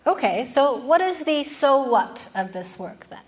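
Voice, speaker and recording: A woman's voice: high voice, very animated, measured pace. Woman lecturing a class on poetry. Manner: explaining patiently, asking students questions.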